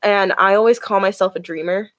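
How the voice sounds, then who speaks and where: A woman's voice: mid-range voice, a little fast, a bit bright, no echo. A woman chatting casually on a live stream as she reads tarot cards, filling her talk with "like". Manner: chatty, with many "like" fillers.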